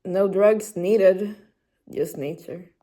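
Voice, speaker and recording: Young female vlogger, voice-over, relaxed and self-amused, very slow delivery with a soft, mellow voice. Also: mid-range voice. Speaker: lifestyle vlogger. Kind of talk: voice-over commentary.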